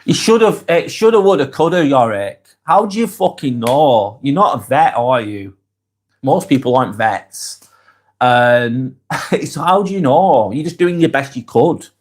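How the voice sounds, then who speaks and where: A man hosting a live vlog, reading comments aloud and answering them bluntly, often swearing, then softening to reassure. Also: medium pitch, expressive, a little slow. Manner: blunt, sweary, swings between brusque and reassuring. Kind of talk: casual live vlog chat.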